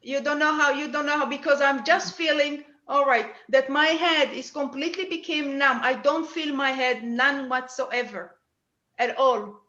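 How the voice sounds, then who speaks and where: High, bright medium in an echoey room. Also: female voice, muffled recording. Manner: halting, repeats words while searching. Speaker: psychic medium. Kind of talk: mediumship reading at a church service.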